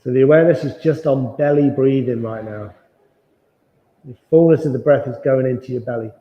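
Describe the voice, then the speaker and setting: A man leading a guided yoga class, giving calm, slow, soothing cues for movement and breathing. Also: medium pitch. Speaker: yoga instructor. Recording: dull, roomy sound with long reverb.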